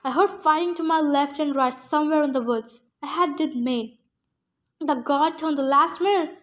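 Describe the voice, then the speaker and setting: A woman with a high voice reading a first-person novel aloud. She reads expressively and speeds up or slows down with the action. Her delivery is steady narration rather than a performance. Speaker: audiobook reader.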